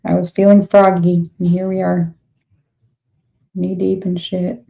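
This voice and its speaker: A woman's voice: lowish voice, flat delivery, a little slow, vocal fry, mellow. A young adult woman giving a casual tarot reading to camera, blunt and exasperated, swearing freely as she reacts to the cards. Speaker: tarot reader.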